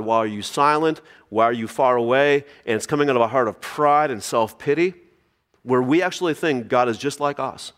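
A man's voice: mid-range voice, fairly bright tone, in a large hall. A man preaching a sermon, reading scripture aloud and asking the congregation rhetorical questions. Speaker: pastor.

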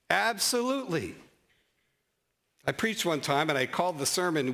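A male pastor delivering a sermon in a fairly high voice. He preaches with animation, jumping up in pitch for emphasis and slowing right down to read scripture word by word. A self-deprecating humor runs through it. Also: sing-song, vocal fry, pushed and bright.

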